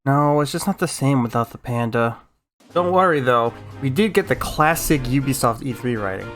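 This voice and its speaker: A young man giving a sarcastic, comedic recap of gaming news, with excitable outbursts. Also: medium pitch, moderate pace. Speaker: gaming YouTuber. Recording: music playing under the voice. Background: music.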